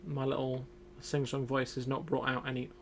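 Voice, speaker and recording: A man's voice: mid-range voice, monotone, normal speed. Young man, gameplay commentary, thinking aloud, faint background hum. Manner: thinks aloud, muttering to himself. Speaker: gaming streamer.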